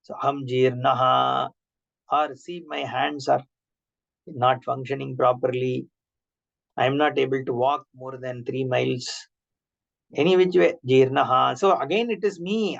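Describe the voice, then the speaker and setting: A man giving an online scripture class, explaining with rhetorical questions and everyday examples and chanting Sanskrit terms slowly. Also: on the high side, creaky. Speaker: Vedanta teacher. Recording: dull lo-fi online class audio.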